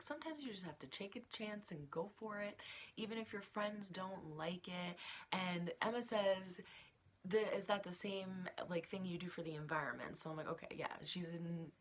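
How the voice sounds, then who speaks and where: A woman's voice: on the low side, a little hiss or hum. Chatty woman recapping a TV episode. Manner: chatty, animated, drops into whispers for asides. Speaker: TV show recapper.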